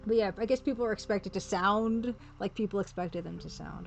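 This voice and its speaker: A woman's voice: medium pitch, normal speed, creaky, muffled recording, slight background noise. Amused woman streamer thinking aloud. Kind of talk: let's play commentary.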